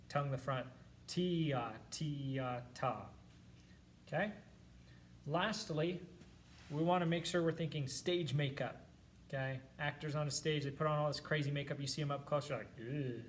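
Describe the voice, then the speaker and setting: A man's voice: on the high side, steady tone, fairly quick, a little hiss or hum. A man teaching a band practice lesson, patiently explaining and counting and singing rhythms aloud to demonstrate. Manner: patient, encouraging instruction.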